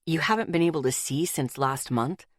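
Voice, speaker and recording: A woman voicing a polite, level-headed young man, lowering her voice for him. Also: expressive, normal speed, no echo, studio quality.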